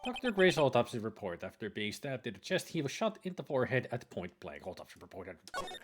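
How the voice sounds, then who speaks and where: This let's play co-player talks fast in a mid-range voice, reading a story game's dialogue aloud over its music. The commentary stays casual and animated, full of teasing and laughs.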